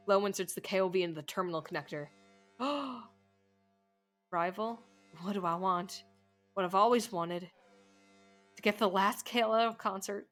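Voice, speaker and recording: A woman's voice: medium pitch, moderate pace, long pauses, a bit bright, soft background music. A woman streamer reading a game's dialogue and narration aloud during a live playthrough, cursing and laughing at the story as she goes. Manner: reads all game text aloud, swearing and laughing at the story.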